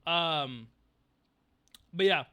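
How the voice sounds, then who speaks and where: High, bright-voiced young man streaming. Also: extremely slow, smooth. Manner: rambling, distracted, reads chat aloud. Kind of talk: casual livestream chat.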